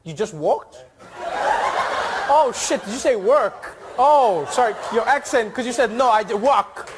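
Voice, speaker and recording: A man's voice: extremely high pitch, lively intonation, a little slow, background noise. A man, a comedian host, joking animatedly with a live studio audience and slipping into funny accents. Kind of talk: improvised crowd work.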